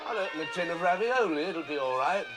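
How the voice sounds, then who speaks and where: A man's voice: on the high side, animated, quick pace, music in the background, close to an everyday voice. An actor playing a weary husband who keeps trying to soothe his hysterical wife, in a film drama. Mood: placating. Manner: soothing, pleading. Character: weary, placating, henpecked husband.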